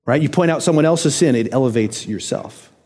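A man preaching a sermon in a conversational way, asking rhetorical questions and dropping to a quiet, low voice on key phrases. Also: expressive, fairly quick. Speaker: pastor.

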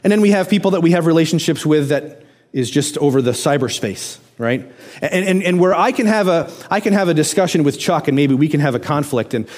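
Pastor, male, preaching in a relaxed talking tone, slightly high voice, keeps asking the congregation questions. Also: a little fast. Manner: conversational, asks many questions to the listener. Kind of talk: sermon.

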